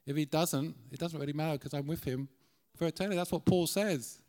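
A man's voice: a little high, a little fast, darkish tone. A middle-aged Irish man preaching as a guest speaker in a church, earnest and conversational, often restarting his sentences. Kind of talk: sermon.

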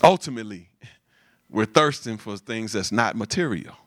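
A man's voice: fairly low pitch, normal speed. A man preaching a sermon, repeating phrases and calling out to the congregation. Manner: lively preaching with repetition and call-and-response. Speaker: pastor.

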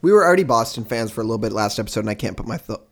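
A man co-hosting a comedy podcast, riffing and joking in deadpan banter. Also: fairly low pitch, very fast. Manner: jokey, riffing, deadpan asides. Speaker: podcast co-host.

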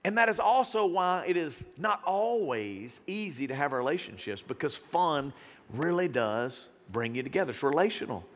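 A middle-aged man preaching a folksy, lively sermon to a congregation and acting out the voices he quotes. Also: a little high, moderate pace. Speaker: pastor. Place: church hall. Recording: reverberant hall.

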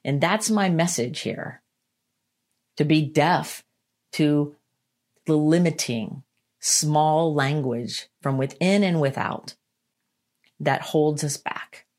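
A woman giving a motivational self-help talk, earnest and emphatic, repeating her key lines and slowing down to stress them. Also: deep voice, a little mellow. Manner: slows down to stress points. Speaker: motivational speaker.

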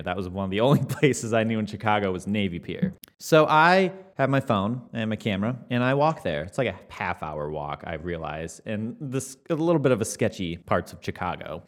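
A young man casually telling an animated personal story, swearing freely and acting out what people said. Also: on the low side.

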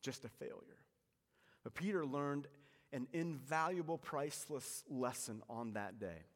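A pastor preaching a sermon, swinging between forceful emphasis and hushed, soft lines. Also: male voice, mid-range voice, a little slow, in a large hall.

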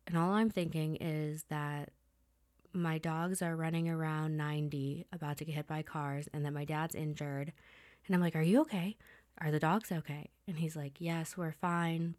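Low-voiced woman telling a personal story. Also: darkish tone, dry recording, studio quality. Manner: candid, chatty, many "like" fillers. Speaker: podcast host.

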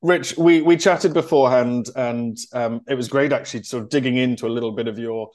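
A man's voice: mid-range voice, steady tone, a little fast, a little mellow. A man hosting a podcast interview, polite and welcoming, reading his introduction. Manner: polite, introduces guest from notes. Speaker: podcast host.

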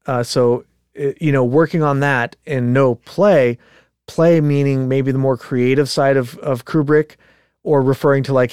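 A man co-hosting a casual podcast chat, telling a story in an animated way, swearing freely and acting out quotes. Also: mid-range voice, smooth, dry recording, studio quality. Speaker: podcast co-host.

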